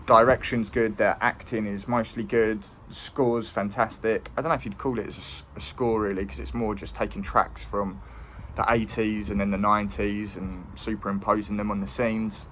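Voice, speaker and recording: A man's voice: lowish voice, level tone, moderate pace, fairly bright tone, a little hiss or hum. A man giving a casual, rambling film review. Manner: rambling, with many ums and restarts.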